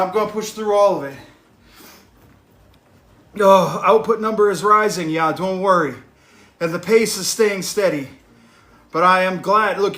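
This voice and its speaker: Breathless man streaming from his bike, high and bright, gets loud when worked up; echoey home room. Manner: worked up, yelling at times. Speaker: fitness vlogger live streaming his workout. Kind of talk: live stream talk to chat while cycling. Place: indoors at home on exercise bike.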